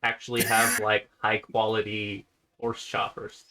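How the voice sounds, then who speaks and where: A man's voice: fairly low pitch, completely flat delivery, measured pace, pushed and bright. A man running an online tabletop game as game master, explaining the rules patiently.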